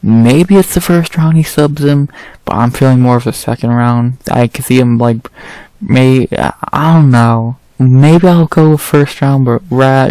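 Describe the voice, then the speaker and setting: A man talking through fight picks in a loose, rambling way, blunt and quick to swear as he thinks aloud. His voice sits at an everyday middle pitch, and the recording is dry and close with no room sound. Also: dark tone, dry recording. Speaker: MMA fight predictions host. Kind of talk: casual commentary.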